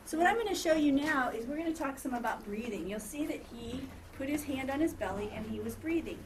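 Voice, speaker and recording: This first grade teacher has a high-pitched, expressive voice and talks fairly quickly. In a noisy elementary classroom, captured by a far-off mic, she patiently questions students and repeats what they say.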